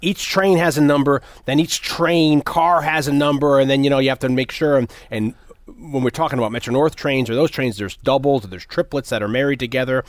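A man's voice: mid-range voice, fairly quick, no room sound. Chatty man retelling a film. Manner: animated retelling, acts out movie lines loudly. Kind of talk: casual film discussion.

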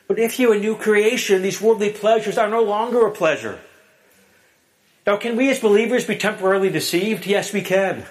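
A man delivers a sermon in a high voice with wide, animated swings of pitch. He tells a story, dropping low and quiet on the serious points. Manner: storytelling, dramatic swings from booming to hushed. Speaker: preacher.

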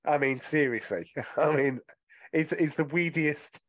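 A man's voice: a little high, measured pace. Teasing, enthusiastic man in casual chat.

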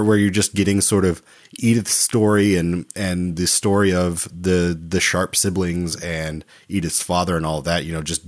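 A man co-hosting a film podcast, talking casually with many restarts and fillers. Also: low-pitched. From Oklahoma, USA. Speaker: podcast co-host.

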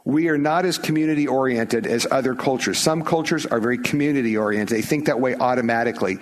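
A middle-aged American pastor preaches a sermon in a mid-range voice at a brisk pace. His delivery is conversational and emphatic, often restarting phrases.

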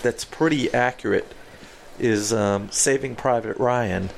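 Gravel-voiced male co-host, emphatic, conversational, faint hiss in background. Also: medium pitch, slow. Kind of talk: casual chat.

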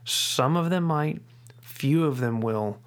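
A middle-aged man hosting a faith-based parenting podcast, speaking earnestly, repeating key phrases slowly for emphasis and often restarting his sentences. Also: mid-range voice, expressive, slight background noise. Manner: frequent restarts and doubled words. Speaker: podcast host.

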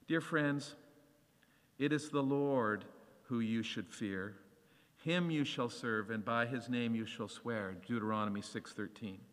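A man preaching a sermon, animated and acting out the voices of scripture as he reads. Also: medium pitch, unhurried, in a large hall.

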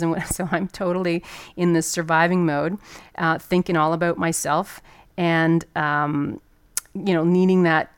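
A woman with a fairly low, smooth voice tells a candid motivational story. She is animated and casual and drops the odd swear word. The sound is dry and close. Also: no room sound. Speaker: motivational speaker. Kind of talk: personal story told to an audience.

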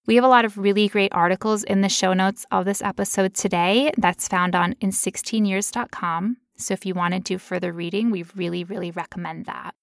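A woman in her thirties co-hosts a podcast in a relaxed, chatty way. She sounds tired but stays playful and jokey. Her pitch sits in a middle range, and the recording is very dry and close. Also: a little fast, hardly any pauses, no echo. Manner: jokey, playful, breaks into laughter. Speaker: podcast co-host. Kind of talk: casual podcast chat.

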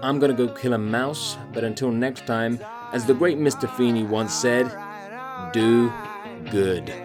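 A man hosts a podcast, venting in a fired-up, profane monologue. His voice sits at an ordinary middle pitch. His tone is exasperated and blunt throughout. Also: fairly even intonation, normal speed, music in the background. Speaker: podcast host.

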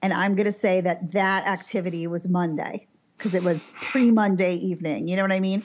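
Chatty mom telling a wild story, animated, acts out the yelling, kinda lo-fi sound. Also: female voice, lowish voice, fairly quick, a little hiss or hum. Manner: animated, dramatic, shouts and acts out the voices in her story. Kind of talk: casual storytelling chat.

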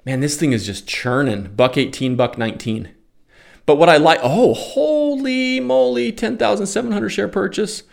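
Expressive and on the high side, his voice carries vocal fry at a moderate pace. This day trader and commentator goes on a casual, opinionated rant, exasperated and sarcastic with mocking impressions, before calling out live trades.

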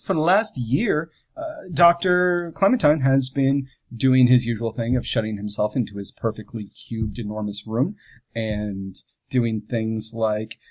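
A man's voice: medium pitch, unhurried. A man rambles happily about his character in a casual tabletop game session. He is amused, and his talk is full of fillers and side turns. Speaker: tabletop role-play player.

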